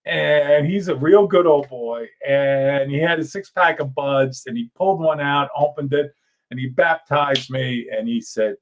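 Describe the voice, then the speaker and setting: Middle-aged male author guest, spirited yarn-spinner, voice on the high side. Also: measured pace, highs cut off, a little hiss or hum. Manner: animated yarn-spinner, acts out Southern voices with shouts. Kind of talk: storytelling in a podcast interview.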